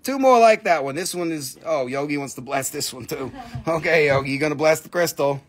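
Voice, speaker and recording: Joking, high-voiced man selling crystals. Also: a little fast, slight background noise. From Appalachian region, US. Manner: joking, swears freely, slips into silly voices. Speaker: livestream crystal seller. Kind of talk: casual live sales chat.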